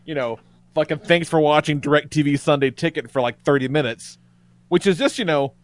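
A man co-hosting a podcast, telling a story in casual chat with lively, profane flair. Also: fairly high pitch, normal speed, dry recording. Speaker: podcast co-host.

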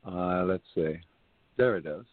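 A relaxed, friendly man calls in with a very low voice. The sound is dry and narrow, like a thin phone connection. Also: unhurried, no room sound. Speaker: caller. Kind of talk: casual call-in chat. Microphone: phone line. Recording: tinny phone line.

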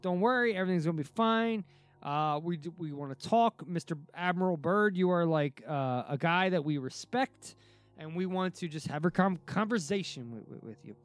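A man voicing a calm, commanding German man speaking over a radio, polite and reassuring. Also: sits high, moderate pace.

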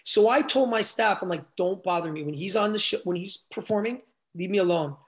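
A middle-aged man telling stories as a guest, animated and swearing freely. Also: sits high, a little fast. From Canada. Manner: animated, swears freely, retells quotes with feeling. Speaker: guest, event promoter. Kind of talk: casual storytelling.

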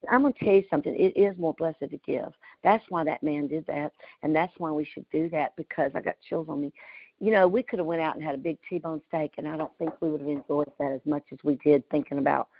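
Woman, middle-aged, host of a community call; folksy, emotional storyteller with a gravelly edge, muffled call audio. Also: deep voice, a little fast, dry recording. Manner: folksy, emotional, often laughing. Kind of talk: heartfelt personal storytelling. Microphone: video call.

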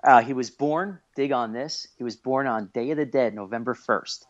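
A man in his thirties, a guest on a casual podcast, telling stories in an excitable way with lots of swearing. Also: mid-range voice, normal speed. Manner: animated, swears a lot, excitable. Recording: dull lo-fi podcast audio.

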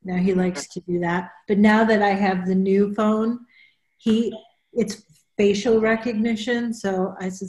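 A female spiritual counselor, relaxed on a group video call, explains at an easy pace and repeats herself frequently. Her voice is mid-range, steady, and somewhat dark, captured with a roomy echo.

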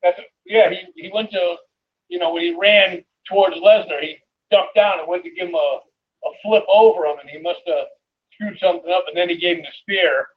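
A man's voice: high voice, lively intonation, moderate pace, narrow, tinny audio. Hesitant male wrestling podcast co-host. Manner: hesitant, filler-heavy. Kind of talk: casual wrestling review chat.

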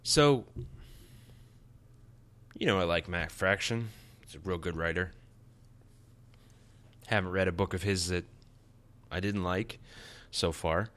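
A man hosting a podcast, reviewing a comic in a playful, excitable casual way. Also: deep voice, takes it slowly, long pauses. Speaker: podcast host.

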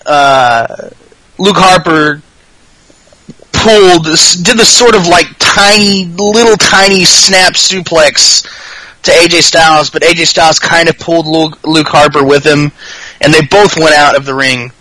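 A man's voice: fairly high pitch, measured pace, sharp tone, dry recording, low-quality recording. A man hosting a podcast, chatting casually in a rambling, profane, jokey way. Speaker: podcast host. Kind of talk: casual chat.

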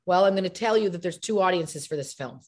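A woman's voice: on the low side, fast talker. A middle-aged woman, an actress and comedian, chatting as an interview guest and acting out quotes in voices. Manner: animated storyteller, acts out quotes in voices.

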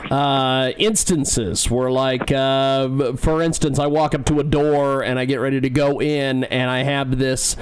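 A man's voice: mid-range voice, little pitch movement, unhurried, hardly any pauses, a little hiss or hum. A man hosting a radio interview, chatty with stumbling restarts. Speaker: radio host.

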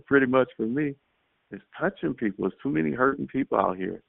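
Male caller, animated testimony storyteller; low, raspy, over a phone line. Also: a little fast, no room sound. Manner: animated storytelling, acts out his own quotes. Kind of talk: casual spoken testimony. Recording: tinny phone line, dry.

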